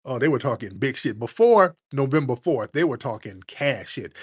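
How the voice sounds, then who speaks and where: A man from the United States hosting a comedic rant, with profane, animated, mocking storytelling. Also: medium pitch, moderate pace, slightly rough. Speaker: host.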